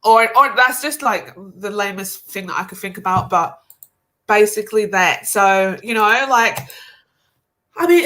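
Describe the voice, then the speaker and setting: A woman hosting a casual livestream panel over a video call, talking fast and loose with lots of fillers and slang. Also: on the high side, sharp tone, low-quality recording. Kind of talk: casual chat.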